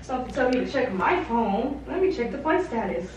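Young woman, animated and playful, bit high; roomy echo, distant from the mic. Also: brisk, crowd noise. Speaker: friend on trip. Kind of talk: casual vlog chat. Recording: echoey room, off mic.

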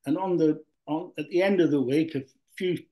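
At a moderate pace and in a fairly high, mellow voice, an older Yorkshireman who used to play football recounts long stories in an interview. He rambles, with plenty of fillers and restarts.

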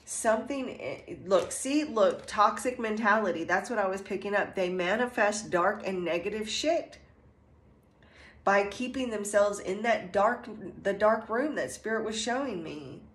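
A woman giving a channeled tarot reading in a slow, earnest way, meandering with many fillers and restarts. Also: mid-range voice. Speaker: tarot reader. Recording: echoey room with faint ambience.

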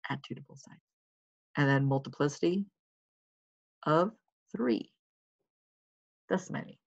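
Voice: mid-range voice, animated, measured pace, creaky, slightly rough. A math teacher casually talking through worked problems in a recorded lesson, thinking aloud while writing and checking in with listeners. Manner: encouraging and reassuring. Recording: slightly muffled lo-fi recording.

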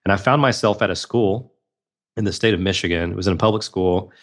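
A man's voice: deep voice, quick pace. A man in his thirties, a podcast guest telling a personal story in an earnest, reflective way.

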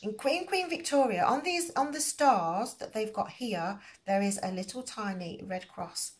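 A woman's voice: medium pitch, lively intonation, unhurried. Brief: middle-aged woman, crochet hobby host, chatty and meandering, mid-range voice. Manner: rambling, many fillers and restarts, nonstandard grammar. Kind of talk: rambling casual explanation.

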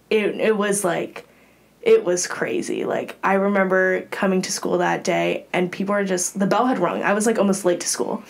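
A woman's voice: medium pitch, gravelly. A young adult woman, a college gymnast, telling a candid personal story as a podcast guest in an earnest way, with many fillers.

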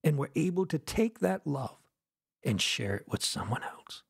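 A man preaching a fervent sermon, firing rhetorical questions at his listeners and swinging between loud declarations and hushed lines. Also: fairly high pitch, big pitch swings, normal speed, creaky, breathy edge. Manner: asks the audience rhetorical questions.

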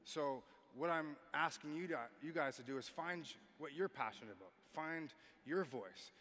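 A man in his thirties from Canada giving an energetic keynote talk on stage, coaxing the audience and building to shouts. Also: a little high, moderate pace. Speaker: motivational speaker. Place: large arena stage. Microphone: stage microphone. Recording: long arena reverb, faint noise.

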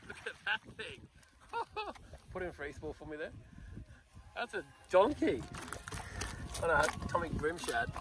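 An Australian man guiding fishing clients on a river boat, casual and excitable, coaching them with repeated shouted instructions. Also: high voice, a little slow, long pauses. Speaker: fishing charter guide. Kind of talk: casual on-the-water commentary. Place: outdoors on a small boat on a river. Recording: outdoor wind and boat noise.

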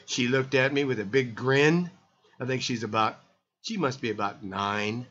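A man's voice: mid-range voice, moderate pace, a bit bright. Rambling older man on a dull lo-fi line. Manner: rambling, many restarts and fillers. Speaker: health show host. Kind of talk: casual radio talk.

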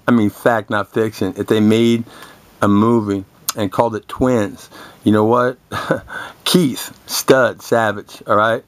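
A man's voice: fairly low pitch, little pitch movement, slow, dry recording. A young man telling crude, boastful stories in a rambling, confrontational rant full of swearing. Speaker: vlogger. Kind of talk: profane rambling monologue to camera.

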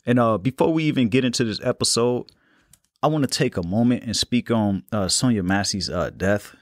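A young man hosting a solo podcast, talking in a calm, unhurried, reflective way. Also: medium pitch, no room sound, studio quality. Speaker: podcast host. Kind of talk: casual solo podcast talk.

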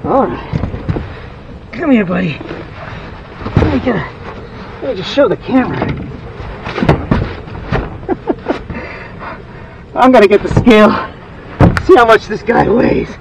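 Breathless, excitable fishing man outdoors. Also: sits high, slow pace, vocal fry, long pauses, far from the mic, very noisy. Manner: excitable, exclaiming, laughing often. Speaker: fishing channel host. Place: outdoors on a lake, in a boat.

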